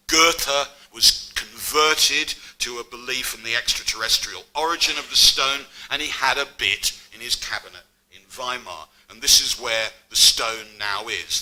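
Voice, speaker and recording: A man in middle age delivers a public academic lecture at an even middle pitch. His tone is very bright and crisp. He tells the story in a scholarly way but keeps adding dry, wry asides. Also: low-quality recording.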